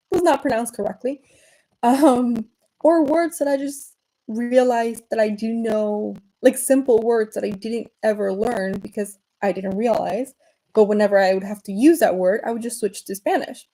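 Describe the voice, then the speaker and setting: Mellow-voiced woman chatting on a livestream. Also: medium pitch, poor audio. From Venezuela. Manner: rambling, frequent fillers and restarts. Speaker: livestream host. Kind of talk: casual livestream chat.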